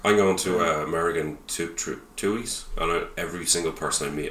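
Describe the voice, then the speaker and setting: A man's voice: deep voice, quick pace, echoey room, distant mic. A man co-hosting a podcast, telling jokey, sweary stories in casual chat. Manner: joking, sweary, animated storytelling. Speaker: podcast co-host.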